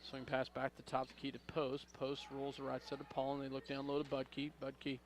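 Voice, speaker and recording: A man calls a local high school basketball game, tracking each pass and shot in a steady mid-range voice. He lifts his energy on big plays and corrects himself on the fly. Faint background noise runs under the call. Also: a little fast. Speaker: play-by-play announcer. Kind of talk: local radio basketball commentary.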